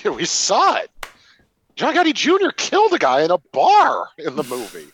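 A podcast co-host in casual chat about a film, animated and mocking. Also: medium pitch, slight background noise. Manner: animated, quick to mock and do snippets of character voices. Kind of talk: casual movie review chat.

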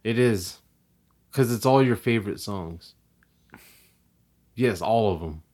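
A man's voice: lowish voice, slow pace, darkish tone. A young man in casual podcast chat, cursing freely and laughing often. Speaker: podcast co-host.

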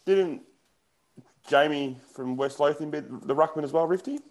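A man's voice: on the high side, moderate pace, a little mellow, poor audio. A man co-hosting a casual podcast, telling joking stories. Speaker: podcast co-host.

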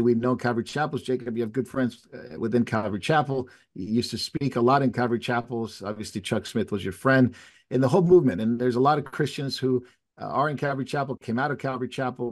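A man hosting an informal discussion, talking in a conversational way with frequent restarts. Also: medium pitch. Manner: conversational, many restarts and fillers. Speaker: host. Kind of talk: casual chat. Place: Latin America.

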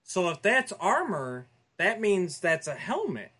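Lively, jokey man podcaster. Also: high-pitched, unhurried, slightly rough. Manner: playful, jokey, animated. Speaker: podcast co-host. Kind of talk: casual chat.

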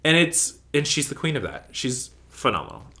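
A man talking casually in an interview about his work in theater company management, animated and gushing, acting out what people said. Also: mid-range voice, moderate pace. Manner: animated, gushing storyteller who acts out quotes.

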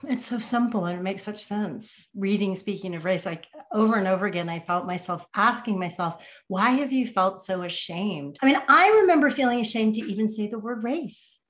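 A woman's voice: mid-range voice, expressive, brisk, few pauses, fairly bright tone. Woman interviewer; affirming, laughs easily, conversational.

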